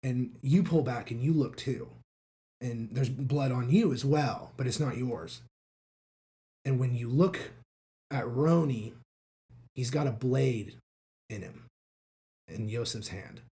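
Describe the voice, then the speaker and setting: Brief: male game master, mid-pitched, loose halting narration. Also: dark tone. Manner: loose and halting, with many fillers.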